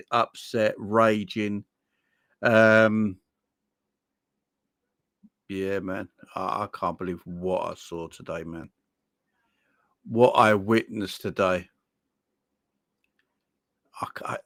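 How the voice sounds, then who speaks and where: A young man hosting a fan live stream, swearing and exasperated, with his voice swinging between loud and quiet. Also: lowish voice, dry recording, studio quality. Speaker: football fan channel host. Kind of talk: casual live-stream rant.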